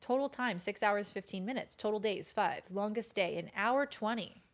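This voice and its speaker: A woman's voice: medium pitch, moderate pace. A woman streaming a game in casual, chatty commentary, now and then cooing baby talk at her kitten.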